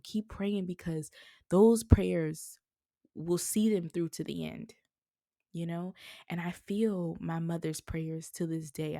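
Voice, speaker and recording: Woman podcast host, low and gravelly, earnest faith-based monologue, emotional. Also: mellow, dry recording, clean studio sound. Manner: earnest and encouraging, speaks of prayer with feeling. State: emotional, near tears.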